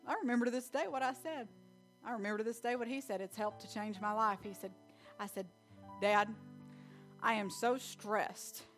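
A young woman preaching a sermon in church, emphatic and slowly repeating key lines. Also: a little high, fairly bright tone.

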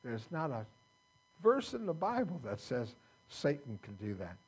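A man's voice: on the high side, wildly swooping pitch, a little slow, slightly rough, low-quality recording. A man pastor preaching a sermon in a folksy, conversational way, quoting scripture to his congregation. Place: church sanctuary.

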